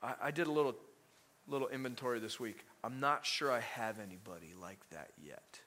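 A man preaching a sermon in an animated, conversational way, full of rhetorical questions to the congregation. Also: medium pitch, a little fast.

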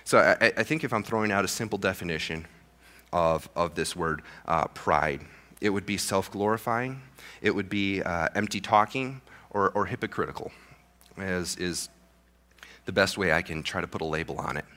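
A man's voice: low-pitched, normal speed, sharp tone. A young man preaching a sermon in a casual, joking way, with frequent restarts. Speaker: pastor.

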